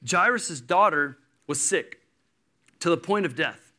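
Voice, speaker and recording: A man in his thirties preaching a sermon, telling a story with lively energy and acting out the people in it. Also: a little high, unhurried. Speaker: pastor.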